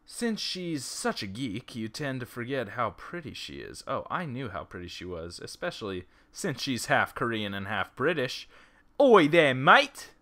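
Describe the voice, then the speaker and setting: A man's voice: medium pitch, sing-song, moderate pace, hardly any pauses, pushed and bright. A man reading an interactive story game aloud on a laptop's built-in mic, breaking off into joking side comments.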